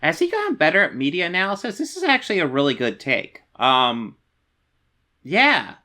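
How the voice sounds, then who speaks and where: Guy doing a reaction vid, super bright sharp voice, swings up and down a lot, sarcastic and sweary. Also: fairly high pitch, wildly swooping pitch, moderate pace. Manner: chatty, sarcastic, swears freely. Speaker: reaction video host. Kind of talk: casual reaction commentary.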